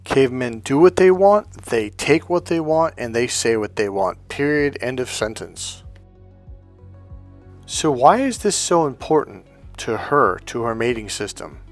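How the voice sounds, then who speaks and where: A man's voice: medium pitch, big pitch swings, unhurried, faint music behind. A man talking as a dating coach in a profane, emphatic rant straight to his listeners. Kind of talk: monologue to camera.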